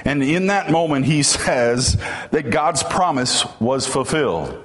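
A pastor delivering a sermon in a mid-range male voice. He moves between calm storytelling and rising, emphatic declarations. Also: mid-range voice, unhurried.

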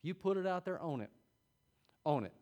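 A middle-aged man teaching a Sunday school class, preaching in a folksy, conversational way with sudden loud peaks. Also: fairly high pitch, animated, fairly quick, highs cut off. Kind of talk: sermon.

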